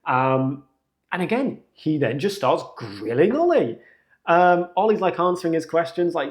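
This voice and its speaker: Young male podcast host, lively storyteller, slangy and animated, slightly higher voice. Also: measured pace. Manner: animated, slangy, jumps into acted quotes. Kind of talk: casual storytelling.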